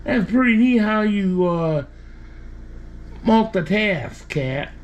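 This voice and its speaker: Teasing his cat affectionately, a man speaks slowly in a high, expressive voice in a casual home video. The audio is a dull lo-fi home recording carrying faint background noise.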